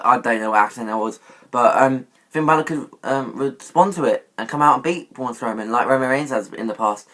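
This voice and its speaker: A man talks through his wrestling predictions in a loose, chatty vlog at a middle pitch. He rambles, trips over his own words and fixes them as he goes, with plenty of ums along the way. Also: fairly quick, a bit bright. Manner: rambling, self-correcting with many fillers. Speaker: YouTube wrestling commentator.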